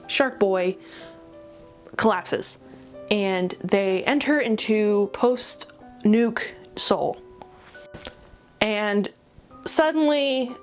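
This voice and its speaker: A woman reviewing an anime in a ranty vlog, exasperated, rapid and swearing. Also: medium pitch.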